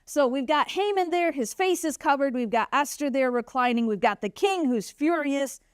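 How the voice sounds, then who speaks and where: Animated woman telling kids a Bible story. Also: high voice, moderate pace, no echo, studio quality. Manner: animated storytelling, acts out voices of characters. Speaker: children's Bible teacher. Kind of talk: kids' Bible story lesson. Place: church.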